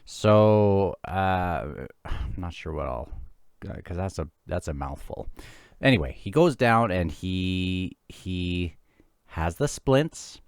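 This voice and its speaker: A man's voice: deep voice, expressive, takes it slowly, clear, resonant tone, dry recording, studio quality. A man hosting a casual chapter discussion of a novel, talking in a chatty, rambling way with frequent restarts. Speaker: book discussion host.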